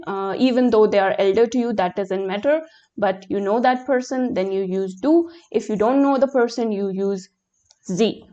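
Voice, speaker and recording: A young woman whose first language is Hindi, teaching a live German lesson in English, answering the chat slowly and patiently with many fillers. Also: mid-range voice, mellow, dull audio.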